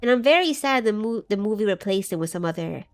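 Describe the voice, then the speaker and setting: A woman's voice: mid-range voice, lively intonation, fast talker. A woman streaming a game live, chatting casually and reading chat aloud, scattered and giggly as she loses her train of thought.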